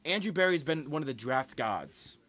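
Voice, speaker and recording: A man's voice: fairly high pitch, lively intonation, moderate pace, a bit bright. A young man hosting a live sports stream, venting his frustration over a draft in a repetitive, ranting way.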